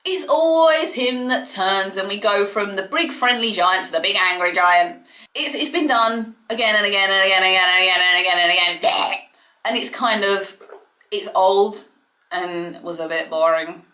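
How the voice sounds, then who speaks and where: A woman giving an excitable, chatty solo review of a wrestling show from her home. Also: mid-range voice, moderate pace, roomy sound. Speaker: wrestling vlogger. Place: home room.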